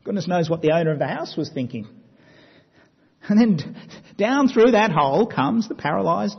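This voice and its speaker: A man preaching a sermon, telling the story dramatically and dropping to quiet emphasis. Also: high-pitched, animated, normal speed, vocal fry, long pauses, breathy edge. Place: church hall. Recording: dull sound with long hall reverb.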